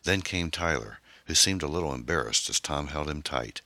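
A man with an extremely deep voice reads his own novel as an audiobook. His delivery is unhurried and measured, with lots of rise and fall in the pitch. The tone is bright and the sound is close and dry. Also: animated, gravelly, dry recording. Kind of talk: scripted audiobook narration.

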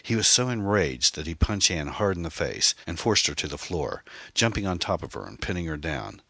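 Deep, husky male audiobook narrator. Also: sing-song, moderate pace, a bit bright, dry recording, studio quality.

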